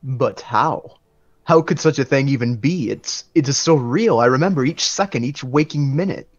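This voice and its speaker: A man's voice: medium pitch, takes it slowly, husky. A man voices a worn-down Wookiee slave, pleading and disbelieving. The sound is a little dull and muffled, as in a tabletop role-play stream. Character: weary enslaved Wookiee prisoner, haunted.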